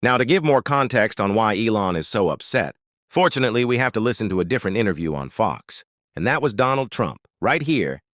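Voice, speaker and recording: A man's voice: lowish voice, sing-song, brisk, a bit bright, dry recording, clean studio sound. A man hosting a political commentary channel, talking scornfully and sarcastically between clips.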